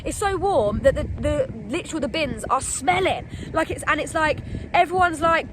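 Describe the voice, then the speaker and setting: Young woman, storytime vlog, high voice, rapid and animated, phone mic outside, light background noise. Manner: animated, acts out her own panic. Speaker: vlogger. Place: outdoors in wet weather. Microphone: phone camera.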